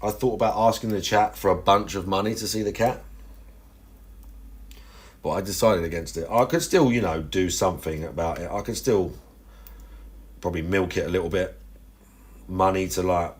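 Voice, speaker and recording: A man's voice: low voice, moderate pace, pauses often. Rambling young man streaming casually. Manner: rambling, crude and self-mocking, lots of restarts. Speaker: livestreamer. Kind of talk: casual livestream chat.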